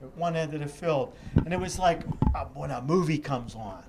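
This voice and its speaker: A man's voice: fairly high pitch, expressive, normal speed, very noisy. An older man, a guest in an interview, telling long, vivid stories with many restarts. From Pittsburgh area. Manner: vivid, rambling reminiscence with restarts. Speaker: interview guest, charity executive director. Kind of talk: animated storytelling in an interview.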